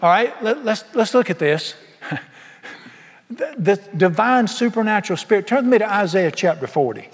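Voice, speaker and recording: Folksy preacher in a reverberant church. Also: male voice, sits high, big pitch swings, moderate pace. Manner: folksy, emphatic preaching with rhetorical questions. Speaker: pastor. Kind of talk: sermon. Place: church sanctuary. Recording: long reverb of a large hall.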